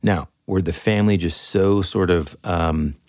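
A young man co-hosting a casual podcast chat, rambling and animated, with lots of fillers. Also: sits low, a little slow, no echo, studio quality. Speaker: podcast co-host.

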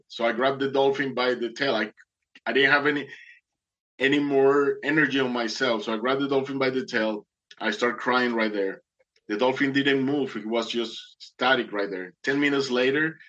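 A man's voice: mid-range voice, steady tone, normal speed, fairly bright tone, dull audio. A man earnestly telling a dramatic personal testimony, acting out the people in it. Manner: earnest, dramatic, acts out voices.

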